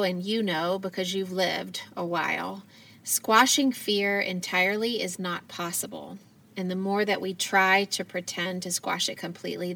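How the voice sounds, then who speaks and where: Woman in her 30s musing on a podcast, soft heartfelt voice, mic a little far off. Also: lowish voice. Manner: gentle, earnest, heartfelt. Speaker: podcast host. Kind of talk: reflective solo podcast talk.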